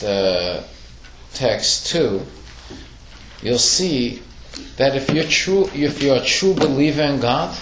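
A man teaching a class, middle-pitched and lively, throwing questions at his listeners and acting out the voices in his stories. The room is echoey and bare. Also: noisy background. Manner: questioning, animated storytelling with acted quotes. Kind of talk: classroom Torah lesson.

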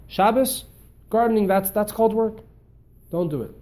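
A man teaching a religious class, telling stories in an animated way and often repeating words as he hunts for the phrase. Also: sits high, normal speed, pauses often. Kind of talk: storytelling lecture.

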